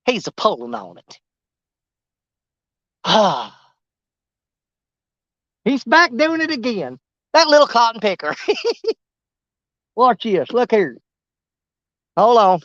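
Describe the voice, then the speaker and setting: A man chatting on a fishing livestream, his pitch bouncing all over as he rambles and teases. The sound is dry and close, with dull, lo-fi stream audio. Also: fairly bright tone, no echo. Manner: rambling, teasing, talks to the fish. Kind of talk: casual live-stream chat. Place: outdoors on a riverbank.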